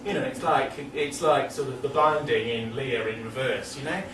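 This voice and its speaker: A man's voice: mid-range voice, normal speed. A man giving a public lecture, rambling and digressive with many fillers. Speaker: speaker. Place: meeting hall. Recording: echoey hall, distant mic, noisy.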